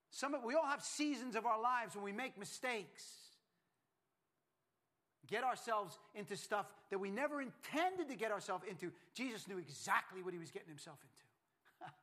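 A pastor preaching a sermon, emphatic and repetitive, swinging from hushed lines to loud ones. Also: male voice, high voice.

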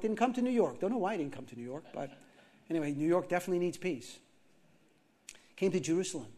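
A male pastor preaching a sermon, moving between loud emphatic scripture reading and quiet, slow reflection, often repeating key phrases. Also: a little high.

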